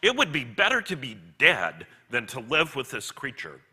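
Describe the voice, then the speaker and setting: A man's voice: mid-range voice, wildly swooping pitch, moderate pace, pushed and bright, slightly rough, exaggerated voice. A man playing a desperate male ghost who bellows and whimpers in anguish.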